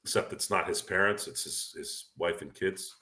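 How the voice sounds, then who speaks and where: A man's voice: low-pitched, moderate pace, sharp tone. A man hosting a casual chat, talking in an opinionated, rambling way with frequent restarts. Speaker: podcast host. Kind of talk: casual sports and movie chat.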